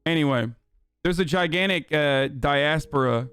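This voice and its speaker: A man's voice: fairly high pitch, moderate pace, a bit bright, clean tone, faint music behind. A man hosting a livestream, giving heated, profane commentary with lots of fillers. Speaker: livestream host.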